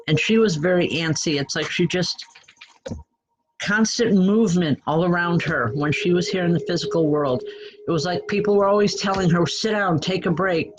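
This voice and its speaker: A woman's voice: lowish voice, background noise. Folksy woman medium on dull lo-fi audio. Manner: chatty, folksy, self-deprecating; blunt, direct. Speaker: spiritual medium. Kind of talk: audience mediumship readings.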